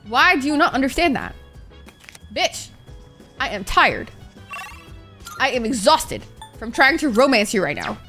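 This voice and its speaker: A woman's voice: sits high, very animated, measured pace, long pauses, sharp tone. A young woman streaming a video game, ranting dramatically and swearing in exasperation at it. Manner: profane, exasperated, dramatic rants. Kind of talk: let's-play livestream commentary. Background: faint game music.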